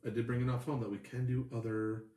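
A man's voice: mid-range voice, little pitch movement, quick pace, warm tone, roomy sound, recorded from a distance. A man co-hosting a casual beer-tasting podcast, joking and bantering playfully. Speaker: podcast co-host.

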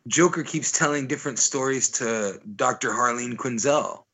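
A man's voice: mid-range voice, normal speed, fairly bright tone, husky. Rambling, profane male podcast co-host. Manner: rambling, profane, many "like" fillers. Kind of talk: casual storytelling chat.

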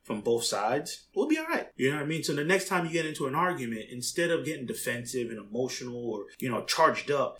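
A man's voice: mid-range voice, fast talker, hardly any pauses, a little hiss or hum. A young adult man in a casual opinion monologue, rambling and conversational, his voice jumping up when he quotes others. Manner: rambling, conversational, frequent "you know what I mean"; animated, voice jumps up when quoting others. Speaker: commentator.

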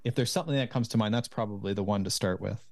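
A man with a mid-pitched voice explains health habits as a podcast guest, patient and coaching. His voice comes through a video call and sounds dry and close, with no room around it. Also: racing, darkish tone, no room sound. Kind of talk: casual interview chat.

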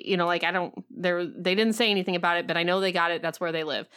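A woman's voice: fairly low pitch, fast, few pauses, a bit bright, clean tone. Chatty storytelling woman podcast co-host. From United States. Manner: chatty storyteller, acts out quotes, laughs often. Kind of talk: casual chat.

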